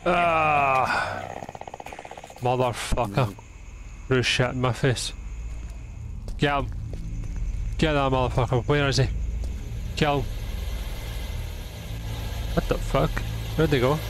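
Young man, gaming commentary, exasperated and profane, slow pace, faint background music. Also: mid-range voice. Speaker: gaming channel host. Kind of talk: let's play commentary.

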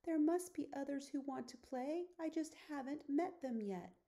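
A woman's voice: high-pitched, lively intonation, moderate pace, pitched above the performer's own voice. A woman voicing a lonely, playful little male lion cub in a picture-book read-aloud, calling out eagerly. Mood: hopeful. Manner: eager, pleading, loud roaring calls.

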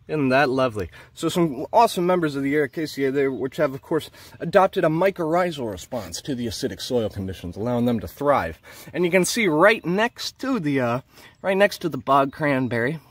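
A man vlogging a peat bog plant tour on his handheld camera speaks in an expressive, medium-pitched voice, a little fast. He rambles enthusiastically, marveling at the plants, and the recording has no echo.

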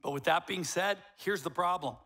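A male pastor in his fifties delivering a sermon in a blunt, emphatic way. He lands his points with wry humor. His voice sits fairly high for a man, and his tone is bright and forceful. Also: normal speed.

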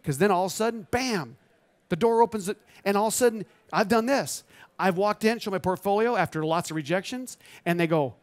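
A man in his fifties, a photographer giving an animated, motivational storytelling talk on a trade show stage. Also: sits high, brisk. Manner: animated, acts out quoted dialogue.

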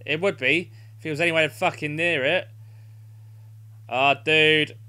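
A man's voice: fairly high pitch, fairly even intonation, unhurried, bright, forceful tone, smooth. A young man playing a football video game live, urging his team on and swearing in frustration. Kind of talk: live gameplay commentary.

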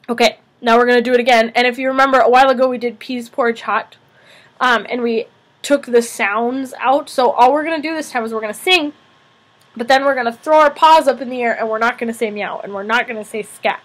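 A woman music teacher telling a children's story in a gentle, expressive way, checking in with her young listeners. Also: a little high, fast talker.

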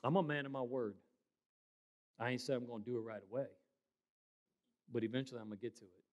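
A middle-aged man preaching a sermon as pastor, loud and emphatic with quieter asides. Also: mid-range voice, steady tone, quick pace.

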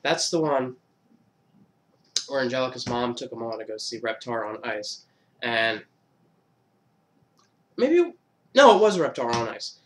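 Young male vlogger, twenties, loose casual delivery with swearing, average pitch. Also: a bit bright, slight background noise. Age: 20s. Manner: loose, swearing, laughs at himself. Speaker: YouTuber. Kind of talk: casual countdown vlog.

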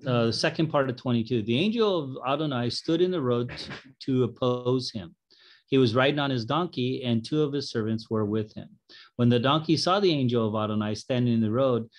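A man teaching a Bible study, reading scripture aloud and stopping to joke and explain it in a casual way. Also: medium pitch.

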